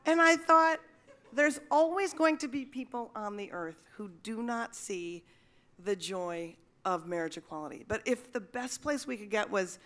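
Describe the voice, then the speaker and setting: A woman's voice: on the high side, lively intonation, unhurried, a bit bright. A middle-aged woman from Minnesota emceeing an awards evening on stage, telling wry comic stories and acting out the voices of the people in them. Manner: wry storytelling, acts out voices in quotes. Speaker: event emcee. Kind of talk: stand-up comedy and emceeing at an awards event. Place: event hall stage. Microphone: stage microphone.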